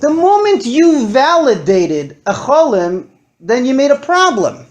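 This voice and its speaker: A man lecturing to a live audience, animated and acting out his stories with big swings in his voice. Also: very high-pitched, a little slow.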